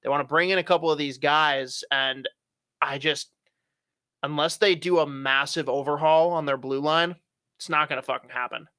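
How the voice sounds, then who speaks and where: Bright-voiced opinionated young man. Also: fairly high pitch, fairly even intonation, normal speed, clear, resonant tone, no room sound, clean studio sound. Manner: opinionated, swears casually, frequent fillers. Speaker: hockey podcast co-host. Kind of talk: casual sports chat.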